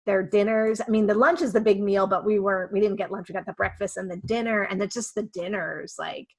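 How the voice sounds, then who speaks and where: A woman in her fifties from the Philadelphia area, a guest chatting casually and telling animated stories. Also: medium pitch, fairly quick. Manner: chatty, storytelling with animated quoted voices. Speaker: guest, actress and photographer. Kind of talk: casual chat.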